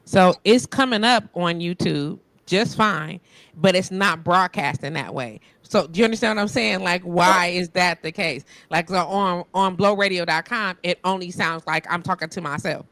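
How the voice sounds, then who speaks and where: Frustrated host with a gravelly voice. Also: female voice, on the low side, moderate pace, fairly bright tone, no echo. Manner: frustrated, muttering while fixing tech. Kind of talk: casual live-stream chat.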